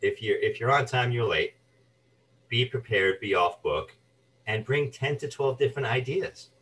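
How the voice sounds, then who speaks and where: In a storytelling interview chat, a man who acts and does voice work recounts career anecdotes with energy, imitating the people he quotes. He has a mid-range voice and talks at a normal speed. The audio is low-quality, with him sitting far from the microphone.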